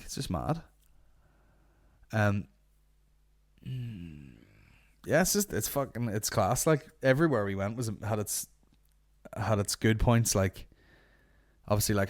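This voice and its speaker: A young man with a Northern Irish accent hosting a podcast, rambling through sweary casual banter. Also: fairly low pitch. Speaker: podcast host. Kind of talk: casual chat.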